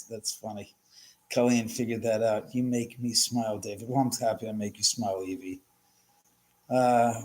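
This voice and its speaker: A man's voice: mid-range voice, darkish tone. A middle-aged man hosting a casual livestream, chatting and rambling as he answers viewer comments, laughing often and restarting sentences. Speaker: livestream host.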